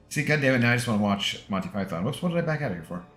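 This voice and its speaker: Brief: American male gamer, rambling chatty streamer, lively voice, faint background music. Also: medium pitch, quick pace. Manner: laughs often, rambling, self-deprecating. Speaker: gaming livestreamer. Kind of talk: casual chat with stream chat while gaming. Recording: echoey room with faint music.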